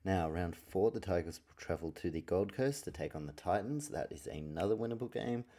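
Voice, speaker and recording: A man's voice: low voice, expressive, fairly quick, dark tone. A man hosting a podcast from his room at night, chatting casually, swearing often and drifting off topic. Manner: rambling, swears a lot, easily sidetracked. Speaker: podcast host. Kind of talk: casual solo sports talk.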